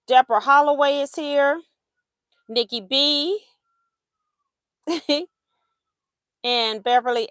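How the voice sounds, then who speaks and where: A woman's voice: sits high, fairly bright tone, no room sound, studio quality. A woman hosting a casual live stream from her home craft room, reading out viewer comments and laughing often. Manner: soothing a crying baby in sing-song coos. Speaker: livestream host.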